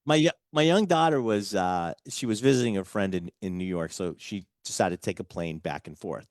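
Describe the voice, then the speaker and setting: A man's voice: on the low side, animated, fairly quick, no room sound, clean studio sound. A man hosting a casual radio talk show, chatting loosely and restarting his sentences often. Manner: chatty, rambling with many restarts.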